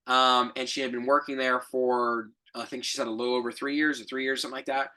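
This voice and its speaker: A man's voice: medium pitch, little pitch movement, fast talker, bright, forceful tone. A young adult man hosting a podcast, telling a reflective story in a rambling casual way, with fillers, self-corrections and light laughs. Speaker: podcast co-host.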